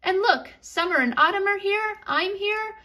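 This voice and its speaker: Lady doing a soft soothing mom, high bright voice. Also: normal speed. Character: warm, soothing mother figure.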